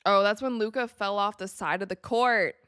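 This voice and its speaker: A young woman from the United States hosting a live watch party, chatting casually with viewers and reacting excitably to the game. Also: medium pitch, moderate pace, smooth, no room sound, studio quality. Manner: chatty, excitable, reads viewer messages aloud. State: tired, yawning.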